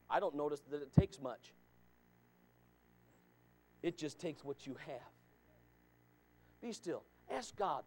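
A pastor preaching a sermon with emphatic repetition, calling out listeners by name. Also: male voice, a little high, very animated, normal speed, long pauses, a little mellow. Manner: emphatic, repeats lines, calls out listeners by name.

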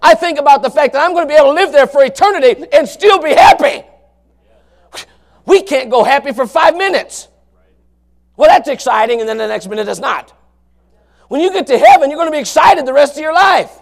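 A man preaching a fiery sermon, swinging from low murmurs to shouted passages in a folksy, emphatic way. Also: lively intonation, a little fast, creaky, pauses often. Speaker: pastor.

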